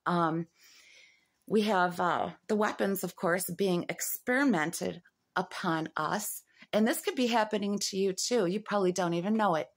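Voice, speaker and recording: Agitated, rambling woman in her fifties. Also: mid-range voice. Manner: agitated, rising into urgent questions; halting, many fillers and restarts. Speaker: vlogger. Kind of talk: rambling monologue to camera.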